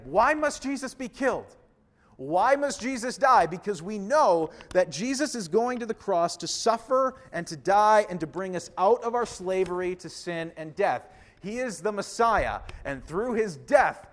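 High-voiced earnest male preacher. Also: animated, moderate pace. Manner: earnest, emphatic, addresses listeners as friends. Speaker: pastor. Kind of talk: sermon.

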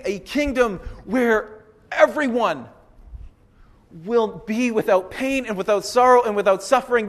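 A man preaching a sermon, animated and emphatic, repeating phrases and acting out what others say. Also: extremely high pitch. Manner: animated preaching, emphatic repetition, acts out quotes. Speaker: pastor.

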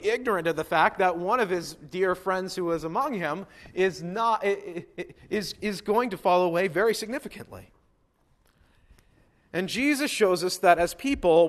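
Preaching with energy, this high-pitched pastor acts out the voices of people from the Bible as he gives his sermon.

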